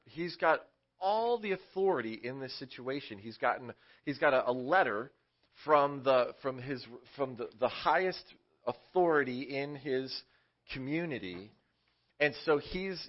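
A children's church teacher gives kids a casual, conversational Bible lesson, frequently asking them questions. His voice is a little high, and the sound is lo-fi.

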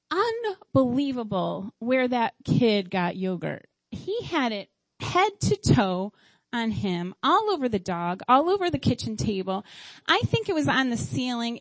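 A middle-aged mother telling family stories in a lively, chatty way, her voice a little high and rising sharply when she acts out her own past lines. The sound is dry and close, with no room around it. She keeps it casual and faith-based. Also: dry recording, poor audio. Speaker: mother sharing parenting stories.

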